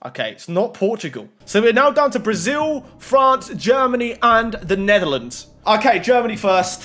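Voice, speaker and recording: A man's voice: high-pitched, normal speed, hardly any pauses. A young man giving casual running commentary while opening game packs. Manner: running commentary, rising to excited shouts. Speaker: FIFA pack-opening YouTuber.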